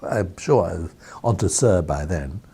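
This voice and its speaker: A man's voice: low-pitched, lively intonation, normal speed, mellow, husky. Chuckling older man spinning an anecdote. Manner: rambling, chuckling storyteller with many restarts. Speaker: interviewee, former newspaper editor. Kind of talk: anecdotal reminiscence.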